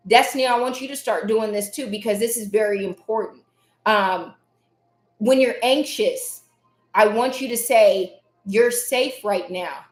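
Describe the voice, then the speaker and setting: Earnest encouraging woman in an echoey room. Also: fairly high pitch. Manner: earnest and encouraging, repeats phrases for emphasis. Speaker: host of a live self-care series. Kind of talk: motivational live talk.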